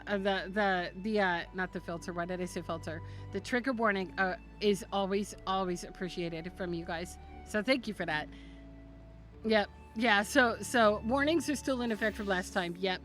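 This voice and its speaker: A woman's voice: medium pitch, a bit bright. A woman streaming a game live, chatting playfully with her viewers, giggling and stumbling over her words as she talks to them by name.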